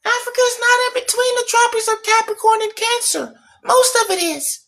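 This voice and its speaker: A man putting on a whiny, high-pitched, nasal voice to mock a condescending male nitpicker. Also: moderate pace, vocal fry, sharp tone, full character voice. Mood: pedantic. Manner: mocking, nasal, patronizing.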